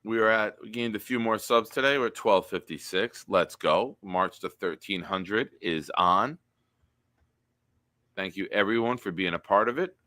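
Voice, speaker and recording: A man with a low voice hosts a casual sports live stream. He has a bright, forceful tone and reads chat comments aloud in an animated way. The sound is dry and close. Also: normal speed, dry recording.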